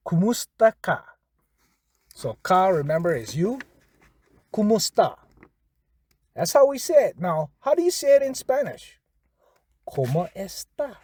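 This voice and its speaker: A man's voice: high-pitched, big pitch swings, takes it slowly, pauses often, a little mellow, breathy edge. A man teaching a casual language lesson, patiently repeating phrases and spelling words out.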